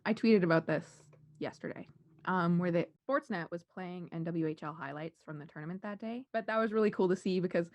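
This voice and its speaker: A woman's voice: lowish voice, brisk, dry recording, dull audio. Earnest woman podcast co-host, dry sound. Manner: earnest, animated, rallying. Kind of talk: casual sports chat.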